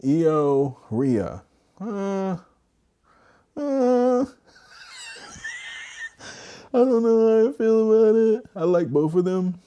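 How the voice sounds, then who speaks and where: Man ranting on a live stream, mellow tone. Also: high-pitched, drawn-out words, pauses often, clear, resonant tone, muffled recording. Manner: animated, opinionated rant, drops into mocking voices for quotes. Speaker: streamer host. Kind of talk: casual wrestling commentary on a live stream.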